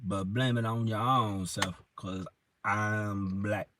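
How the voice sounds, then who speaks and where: A man's voice: fairly low pitch, fairly even intonation, slow pace, noisy background. A man alone in his car in the woods, rambling through an improvised stand-up monologue in a loose stream-of-consciousness way. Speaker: amateur comedian.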